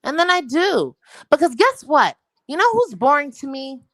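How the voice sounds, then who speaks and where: Brash young New York woman, crude rambling talker, higher voice, dry close sound. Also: sing-song, normal speed, a bit bright, dry recording, poor audio. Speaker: livestream guest. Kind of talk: casual livestream chat.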